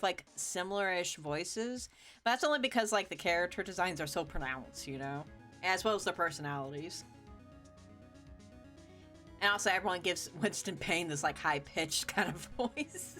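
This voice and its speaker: A woman's voice: medium pitch, sharp tone. A woman streamer chatting casually about a game she is playing, talkative and giggly with lots of fillers.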